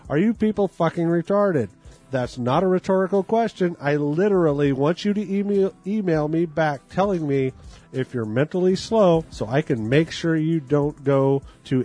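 A man's voice: a little high, darkish tone. A man performing a comic dramatic reading of an angry email, delivering it as a furious, profane rant. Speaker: reader.

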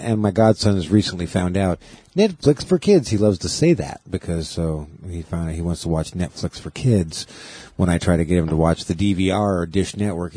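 A man's voice: deep voice, warm tone, husky, dry recording. A man co-hosting a podcast, chatting casually and joking crudely, rambling between topics. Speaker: podcast co-host. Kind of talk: casual chat.

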